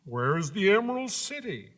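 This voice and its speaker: A man voicing a gentle, simple male scarecrow with a husky voice, speaking slowly and politely, acted on a 1970s children's record. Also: high-pitched, very animated. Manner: slow, polite and earnest. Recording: old vinyl with long reverb.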